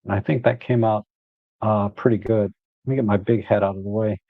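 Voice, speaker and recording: A man's voice: on the low side, a little fast, dry recording, phone-quality sound. Man thinking aloud through photo edits. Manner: relaxed, thinks aloud while working. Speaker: photo editing host. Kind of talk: live editing walkthrough.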